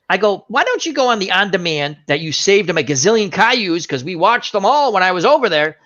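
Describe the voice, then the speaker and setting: A man hosting a casual online chat, with a fairly high voice that swoops up and down as he acts out every line of a story. The audio is dull and lo-fi, like a low-quality stream. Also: a little fast, hardly any pauses. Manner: animated storytelling, acts out quotes. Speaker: show host.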